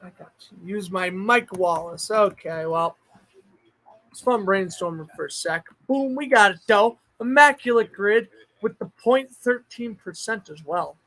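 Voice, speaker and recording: A male streamer with a notably high voice talks casually to his chat. He thinks out loud as he goes and now and then breaks into excited outbursts. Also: a little slow, low-quality recording. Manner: chatty, thinks aloud, bursts of excitement. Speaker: streamer host.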